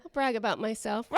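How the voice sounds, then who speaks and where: A woman from Oakland doing a rambling, self-deprecating stand-up routine with halting restarts. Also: high-pitched, very noisy. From Oakland, California. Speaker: stand-up comedian.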